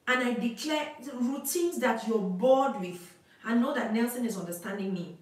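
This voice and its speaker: A woman's voice: fairly high pitch, normal speed, hardly any pauses, heavy reverb, distant mic, rough recording. A woman preacher giving prophecy in a live prayer session, declaring, repeating phrases and praying over callers.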